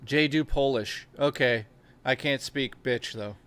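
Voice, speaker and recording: Bright-voiced joking man from Canada. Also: medium pitch, a little slow, clear, resonant tone. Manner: profane, joking, breaks into laughter. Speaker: co-host. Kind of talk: late-night casual chat stream.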